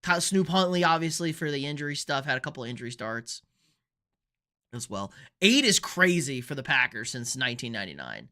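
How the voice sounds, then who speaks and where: A man's voice: medium pitch, very animated, fairly quick, pushed and bright. A young man hosting a live sports stream, chatting casually and rambling through football picks while answering viewer comments. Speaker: sports show host.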